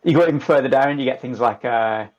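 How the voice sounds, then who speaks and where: A man's voice: mid-range voice, fast talker, a little mellow, muffled recording. Chatty man with a Lancashire accent. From northern England. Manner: chatty, swearing, jokey. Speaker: podcast guest. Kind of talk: casual chat.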